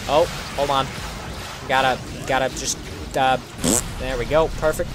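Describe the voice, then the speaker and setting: A man hosting playful gameplay commentary, excitable and goofy, tossing in silly sound effects. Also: mid-range voice, measured pace, long pauses, background noise. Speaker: gaming channel host.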